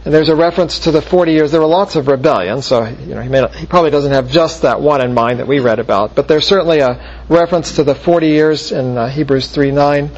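A man's voice: fairly high pitch, fast. A man preaching an expository Bible lesson, explaining verses step by step and checking in with the listeners. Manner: explanatory, asks checking questions like "okay?" and "right?". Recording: dull lo-fi recording.

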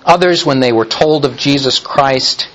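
A man preaching a sermon in an emphatic, deliberate way, often restarting his phrases. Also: mid-range voice, a bit bright, low-quality recording.

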